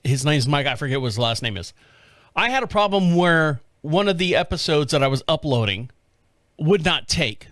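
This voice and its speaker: High-voiced man rambling on a podcast. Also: animated, normal speed, a bit bright, no room sound, clean studio sound. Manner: rambling, with lots of repeated words and restarts. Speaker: podcast host. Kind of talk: casual storytelling.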